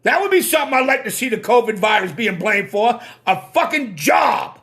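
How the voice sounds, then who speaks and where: High-voiced ranting Boston man. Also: lively intonation, normal speed, fairly bright tone. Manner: ranting, swears when worked up. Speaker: live stream host. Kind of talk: casual live-stream chat. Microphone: computer mic on a live stream.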